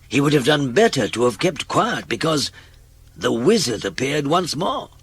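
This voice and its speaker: A man reading a children's storybook aloud in an expressive read-aloud manner. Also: mid-range voice, moderate pace, breathy edge. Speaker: narrator.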